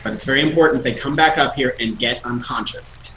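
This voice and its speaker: A man's voice: medium pitch, brisk, pushed and bright, slight background noise. Man planning aloud in a roomy space. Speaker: player. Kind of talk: tabletop game chat.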